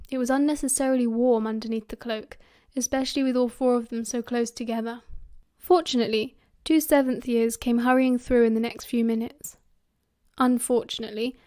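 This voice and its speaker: A young British woman reading a fan audiobook, giving the characters lively voices. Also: a little high. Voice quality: reads all parts with lively character voices. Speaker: audiobook narrator.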